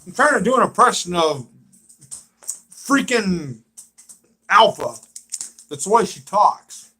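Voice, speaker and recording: A man casually chatting on a livestream, easygoing and often soft-spoken. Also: high-pitched, big pitch swings, slow pace, husky, faint music behind.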